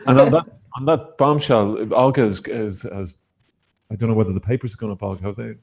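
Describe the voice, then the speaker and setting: A man's voice: fairly low pitch, fairly even intonation, a little fast, vocal fry. An Irish man hosting a late-night panel chat show, hesitant and stumbling over words, with dry quips. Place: studio.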